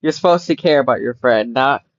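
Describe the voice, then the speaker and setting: Excitable young man reacting emotionally. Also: mid-range voice, fairly quick, no echo, dull audio. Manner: emotional, excitable, repeats himself when worked up. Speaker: game and video reaction YouTuber. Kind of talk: casual reaction commentary.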